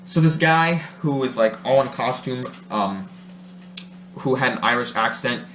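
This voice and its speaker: A little slow and a bit bright, a medium-pitched man from Ohio rambles through a casual monologue for his vlog viewers. He often laughs and corrects himself; the roomy recording carries a faint hum.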